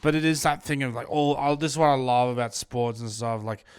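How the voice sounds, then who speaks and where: A man in a casual chat, enthusiastic and quick to laugh. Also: mid-range voice, smooth. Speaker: podcast co-host.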